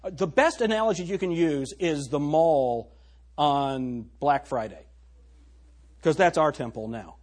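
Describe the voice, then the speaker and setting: A man's voice: a little high, measured pace, darkish tone. A male pastor preaching a sermon, reading scripture aloud and pressing the congregation with emphatic rhetorical questions.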